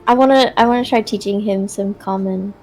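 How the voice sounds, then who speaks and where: A young woman playing in a tabletop game, chatty and quick to laugh. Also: medium pitch, a little mellow, soft background music. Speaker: player. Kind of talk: casual tabletop play.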